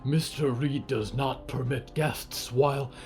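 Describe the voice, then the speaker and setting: Stitched creature, stiff and formal, fearful servant, voice set a touch higher and thinner, as the storyteller puts it on. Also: male voice, fairly even intonation, slow pace, a little mellow, faint music behind, lightly acted. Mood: stiff, uneasy. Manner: stiff formal speech without contractions.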